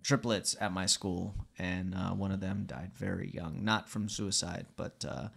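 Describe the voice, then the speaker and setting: رجل بصوت خشن متحشرج في دردشة. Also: male voice, low voice, fairly even intonation, a little slow, vocal fry, a bit bright, breathy edge. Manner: laid-back, profane, jokey. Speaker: podcast co-host. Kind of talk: casual chat.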